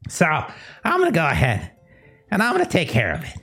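A woman's voice: sits low, wildly swooping pitch, normal speed, fairly bright tone, faint music behind, heavily acted. Woman putting on a cocky goblin brute. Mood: boastful. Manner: swaggering boasts. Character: cocky male goblin brute, boastful and greasy.

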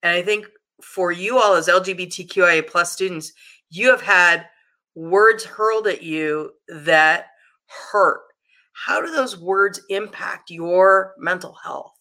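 A middle-aged podcast host speaking in an earnest, measured and supportive way while leading a discussion. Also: mid-range voice, bright, forceful tone.

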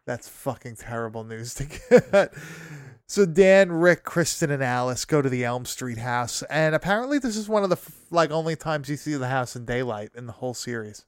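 A man's voice: mid-range voice, expressive, moderate pace, clear, resonant tone, no room sound, studio quality. A young man casually recapping a horror movie, swearing, laughing often and rambling through fillers.

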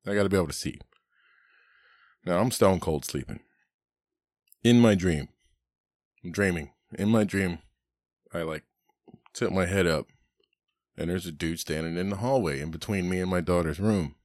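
A man's voice: low voice, moderate pace, pauses often, darkish tone, dry recording, studio quality. A middle-aged man on a podcast, casually telling rambling stories full of swearing and laughter. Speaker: podcast host. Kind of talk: casual storytelling chat.

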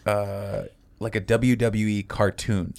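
Podcast co-host, lowish voice, loose and rambling, filler-heavy anecdotes. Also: male voice, level tone, slow pace, vocal fry, darkish tone. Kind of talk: casual podcast chat.

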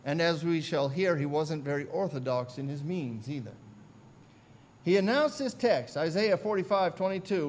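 A male pastor telling a story in a sermon, deliberate and narrative, building on repeated phrases. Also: fairly high pitch, expressive. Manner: deliberate, narrative, repetitive cadence.

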